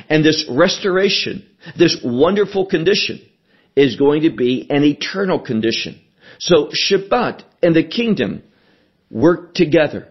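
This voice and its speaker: A man preaching a sermon, slow and emphatic, repeating his key phrases as he teaches from scripture. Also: fairly high pitch, slightly rough, highs cut off. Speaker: pastor.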